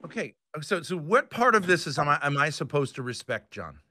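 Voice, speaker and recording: A man's voice: fairly high pitch, very animated, a little fast, bright, forceful tone, no room sound, clean studio sound. A man in his fifties, a father lecturing his son dismissively in a heated family argument, swearing often. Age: 50s.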